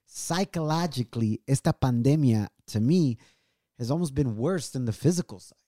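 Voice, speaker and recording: A man's voice: medium pitch, animated, moderate pace, dark tone, no room sound. A man, talking earnestly in a casual heartfelt chat from a home studio. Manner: earnest, mixes in Spanish words. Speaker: co-host.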